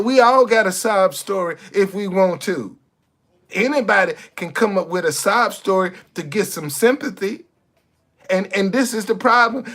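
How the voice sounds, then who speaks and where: A man's voice: sits high, fairly bright tone. A man hosting a casual livestream monologue, blunt and preachy, repeating himself and cursing. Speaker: livestream host.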